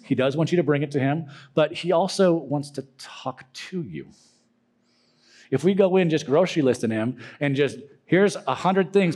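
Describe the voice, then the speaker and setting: A man's voice: a little high, darkish tone. A young man giving a casual, joking talk to a youth group, acting out silly prayer voices.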